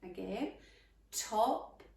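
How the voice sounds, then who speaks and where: Slow, animated woman teaching toddlers phonics. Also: mid-range voice, vocal fry, echoey room, far from the mic. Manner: very slow, exaggerated and animated, stretching words. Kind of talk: slow sing-song lesson for toddlers.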